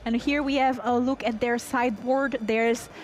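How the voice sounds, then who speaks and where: A woman's voice: fairly high pitch, fairly even intonation, moderate pace. A woman co-commentating a card game match in a chatty, playful way, narrating the plays. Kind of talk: live esports commentary. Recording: faint background noise.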